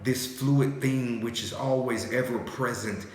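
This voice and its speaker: A spiritual speaker with a mid-range voice talks unhurriedly in a loose, slangy monologue, tagging lines with "yes?" and "right?" and soothingly repeating "calm down." The room is very echoey with long reverb, and there's a slight hiss or hum.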